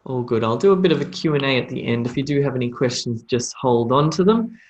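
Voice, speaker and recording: A man's voice: mid-range voice, lively intonation, a little mellow, highs cut off. A man with an Australian accent teaching English pronunciation in a live online lesson, drawing out model phrases for students to repeat. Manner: slow, drawn-out model phrases for repetition.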